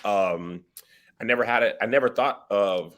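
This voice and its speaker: Male host, bright tense tone, playful and chatty. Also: on the low side, normal speed. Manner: playful, joking and energetic. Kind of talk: casual interview chat.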